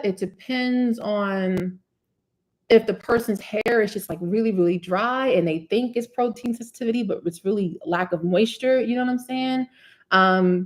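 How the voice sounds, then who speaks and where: A woman from New Jersey with a New Jersey accent, hosting a live hair care Q&A in a chatty style full of "you know what I'm saying". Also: mid-range voice. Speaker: curly hair care host answering live questions. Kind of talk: live Q&A chat. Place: indoors, live stream.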